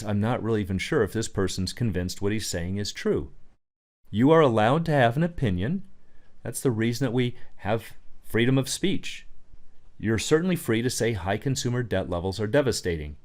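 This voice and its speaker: A man with a lowish voice gives a writing lesson. He reads example sentences aloud, then picks them apart with firm, emphatic comments. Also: a little mellow. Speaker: writing coach. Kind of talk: instructional talk on writing.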